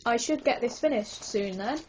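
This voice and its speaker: A woman's voice: fairly high pitch, lively intonation, moderate pace, slightly rough. A woman vlogging a casual book review, hyper and giggly, rambling with lots of apologetic asides.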